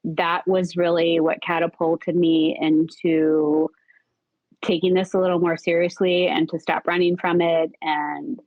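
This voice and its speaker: Speaking unhurriedly, a female podcast guest narrates a story in a lively, casual way, raising her pitch to voice other people and swearing now and then. There's no echo, but the lo-fi recording sounds dull.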